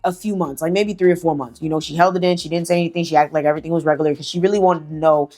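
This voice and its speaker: A woman's voice: low voice, fairly even intonation, racing, mellow. A woman telling a story in a casual, slangy, chatty way, swearing freely. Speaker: storyteller host.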